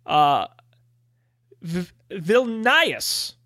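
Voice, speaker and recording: Bright, lively game master man. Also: high voice, extremely slow, dry recording. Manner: chatty, hesitant with "uh" fillers. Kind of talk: narrating a tabletop game.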